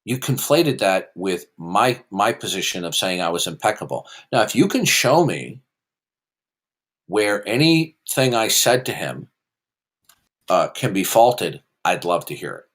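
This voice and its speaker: Combative man with swooping pitch. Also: sing-song, measured pace, a bit bright. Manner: combative, condescending quizzing. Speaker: host. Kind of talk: heated call-in debate.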